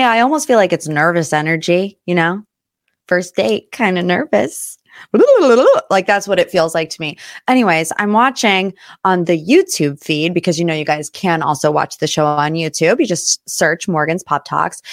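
In casual chat on her pop culture podcast, a young adult host from Northeast Ohio comes across chatty, bubbly and prone to rambling. She speaks on the low side, captured in studio quality with no echo.

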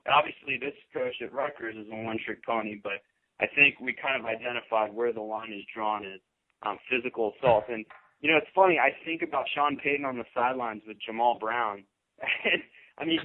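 Halting podcast co-host on a phone line. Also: male voice, medium pitch. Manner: thoughtful, halting, restarts phrases. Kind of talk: casual podcast chat. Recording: tinny phone-line sound.

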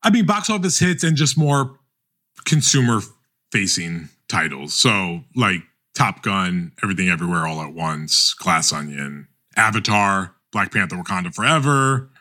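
Bright-voiced man rambling on a podcast. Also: sits low, very animated. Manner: rambling, halting, lots of restarts. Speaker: podcast co-host. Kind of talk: casual chat about awards season.

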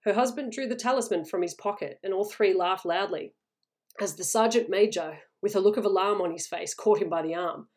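A woman narrating a story in a steady, even read-aloud manner. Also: mid-range voice, fairly quick. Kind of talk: storybook reading.

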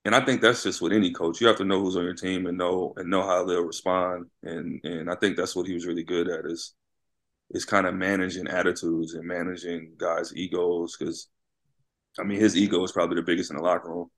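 Talking fairly fast in a laid-back interview, a former college basketball player turned high school coach tells his stories with lots of animation. He keeps tossing in "right?" to check in with whoever's listening.

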